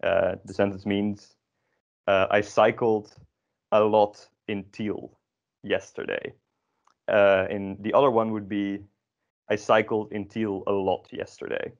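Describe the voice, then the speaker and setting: A man's voice: on the low side, little pitch movement, takes it slowly, gravelly, long pauses, dull audio. A man teaching an online grammar lesson, explaining patiently with many ums and restarts. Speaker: Dutch language teacher.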